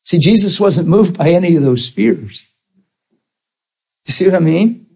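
A man preaching a sermon in a conversational, animated way, acting out the people he quotes. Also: high voice, unhurried, gravelly, slightly rough, rough recording.

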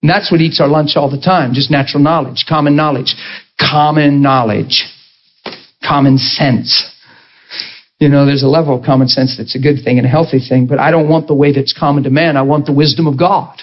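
Male preacher, slightly high voice, chatty sermon delivery, dull lo-fi sound. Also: fairly even intonation, fast, few pauses. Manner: conversational, checks in with the congregation.

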